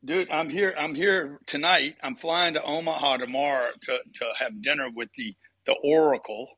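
Man, blunt, rapid-fire questions, forceful bright tone, slightly high pitch. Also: no echo. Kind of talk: blunt casual chat.

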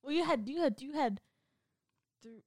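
A woman's voice: high-pitched, animated, normal speed, dry recording, clean studio sound. A woman co-hosting a podcast in casual chat, scattered and chatty, nudging her partner to tell stories. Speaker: podcast co-host.

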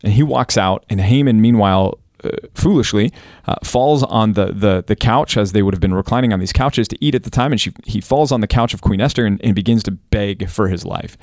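A man co-hosting a Bible podcast, retelling the story in a relaxed, chatty way with fillers. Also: on the low side, fairly quick, dry recording, clean studio sound. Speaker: podcast co-host. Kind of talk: casual Bible study chat.

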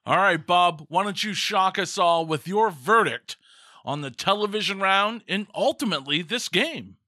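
Casting: high, bright-voiced male host, lively pitch, dry close mic. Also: moderate pace, no room sound. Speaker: podcast host. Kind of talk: casual chat, hosting.

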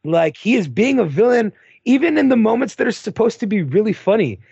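A man on a casual film podcast with a high, lively voice and a gravelly, husky edge. He talks animatedly, swears and fills his speech with "like". The sound is dry and lo-fi. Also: a little fast, no echo. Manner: animated, swearing, lots of "like" and "dude". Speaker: podcast co-host. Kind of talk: casual film review chat.

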